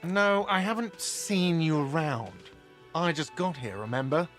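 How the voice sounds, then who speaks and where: A man's voice: a little high, unhurried, a bit bright, soft background music. A man voicing an irritable, defensive male cafeteria manager in a video game, curt and sarcastic. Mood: irritated, sarcastic.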